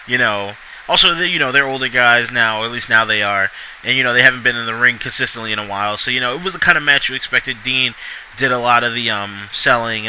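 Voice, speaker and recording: A man's voice: mid-range voice, sharp tone, a little hiss or hum, poor audio. A man recapping a wrestling show in a casual, rambling way, with many fillers, restarts and side remarks.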